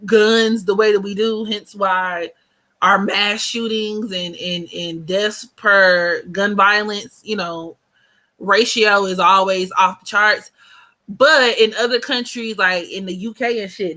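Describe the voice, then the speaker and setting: Woman, thirties, from the US, livestream host, casual chat, bright ringing voice, blunt, slangy, joking. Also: medium pitch, fairly even intonation, takes it slowly. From United States. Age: 30s.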